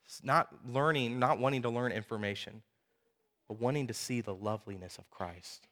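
A man in his thirties preaching a sermon, telling personal stories in a lively, conversational way with frequent asides to the audience. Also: medium pitch, moderate pace. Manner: animated storytelling, conversational asides.

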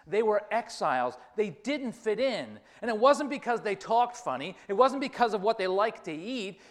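A man preaching a sermon, telling a story and repeating key phrases for emphasis. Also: high-pitched. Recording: long reverb of a large hall.

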